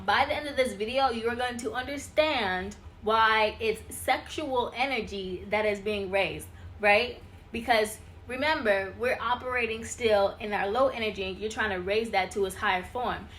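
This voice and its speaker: Woman, channel host, casual spiritual teaching, chatty, excitable, talks straight to viewers. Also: mid-range voice, a little hiss or hum. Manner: addresses viewers as y'all and you guys. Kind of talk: casual teaching talk over slides.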